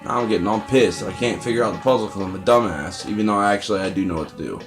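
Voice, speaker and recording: A man's voice: fairly low pitch, fast talker, over music. Rambling, profane young man gamer. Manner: rambling, profane, self-deprecating. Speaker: let's play gamer. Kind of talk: casual gameplay commentary.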